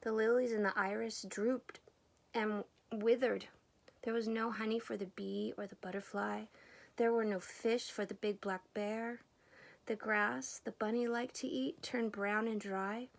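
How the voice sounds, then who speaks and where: A woman reading a children's picture book aloud at a gentle pace, slipping into a whisper at times. Her voice has a gravelly, fry-laced grain. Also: medium pitch, fairly even intonation, a little slow. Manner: gentle, often drops to a whisper. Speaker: storyteller.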